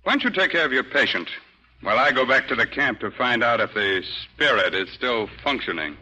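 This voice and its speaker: An actor playing a wisecracking archaeologist in a 1940s radio drama, with a dry, teasing manner. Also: male voice, mid-range voice, lively intonation, brisk, pushed and bright. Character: joking young male archaeologist. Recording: dull old radio broadcast.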